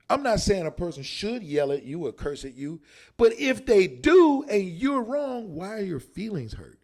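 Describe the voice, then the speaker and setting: A male podcast host giving an emphatic, theatrical monologue, sometimes shouting to make a point. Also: sits high, sing-song, moderate pace. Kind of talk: animated monologue.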